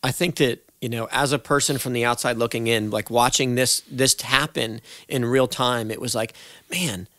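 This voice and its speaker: A man's voice: mid-range voice, fairly even intonation, normal speed, pushed and bright, dry recording, studio quality. A young man hosting a casual interview, asking rambling questions in an earnest, affirming way. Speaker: podcast host.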